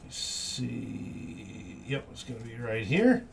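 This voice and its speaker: A man's voice: mid-range voice, big pitch swings, slow pace, creaky, noisy background. A man hosting a live card break stream, reading out each card with upbeat, cheerful exclamations.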